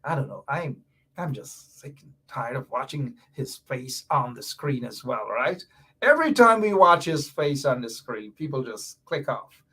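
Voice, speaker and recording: Husky, slow man ranting. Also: mid-range voice, lively intonation, bright, forceful tone. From Guyana. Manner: emphatic, repetitive and sarcastic. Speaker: political talk show host. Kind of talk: radio political commentary.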